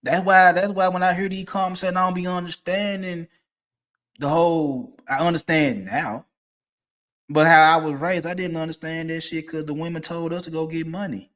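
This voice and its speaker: A man, ranting casually and profanely, swinging from low mutters to loud, emphatic bursts. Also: fairly even intonation, normal speed. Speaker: streamer giving opinions.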